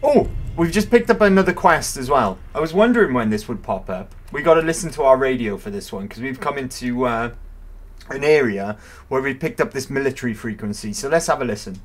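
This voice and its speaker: A man's voice: medium pitch, animated, fairly quick. A man casually commentating his own gameplay, chatty and playful, often correcting himself. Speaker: game streamer. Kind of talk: casual let's-play commentary.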